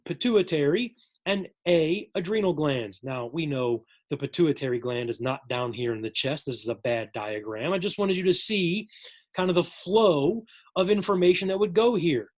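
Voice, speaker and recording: A man teaching a psychology lesson in a casual, jokey recorded lecture, addressing his viewers as folks. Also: high-pitched.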